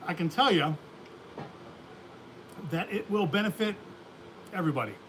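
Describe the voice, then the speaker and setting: A man's voice: sits high, animated, normal speed, background noise. A man hosting a beekeeping livestream, chatting casually in a folksy, rambling way and laughing often. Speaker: beekeeping channel host.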